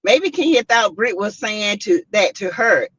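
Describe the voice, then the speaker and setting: A woman hosting a casual commentary stream, reading out chat comments and making her points with animated, repetitive emphasis. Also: mid-range voice, a little slow, husky, no room sound. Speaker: host. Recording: dull lo-fi sound.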